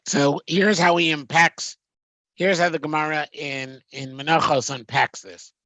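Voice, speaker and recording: A man leads a text-study lesson, reading phrases aloud and then explaining them, often pausing on ums and restarting his sentences. His voice sits a little high for a man. The recording is dry and close, with no room sound. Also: steady tone, pushed and bright, dry recording. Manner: reads Hebrew phrases then translates, hesitant with frequent ums. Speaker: Torah teacher.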